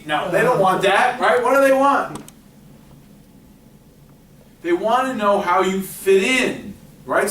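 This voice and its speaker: Guy running a job workshop, talks up to the crowd, kinda far off mic, roomy echo with faint hiss. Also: sits high. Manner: lively, chatty, asks the audience questions. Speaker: career workshop presenter. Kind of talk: interactive workshop talk. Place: library meeting room. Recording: echoey room, distant mic, faint noise.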